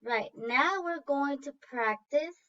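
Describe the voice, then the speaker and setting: Slow, bright-voiced woman teaching phonics. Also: high voice. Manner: slow, deliberate, sounding out words. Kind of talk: online phonics lesson. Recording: dull lo-fi recording.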